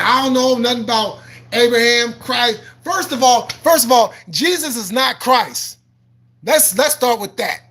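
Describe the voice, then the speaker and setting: Livestream host, male, combative and profane, preachy rant, high bright voice. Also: slightly rough. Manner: combative, profane, repeats himself, laughs often; preachy and argumentative, quoting scripture. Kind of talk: live-stream rant answering chat.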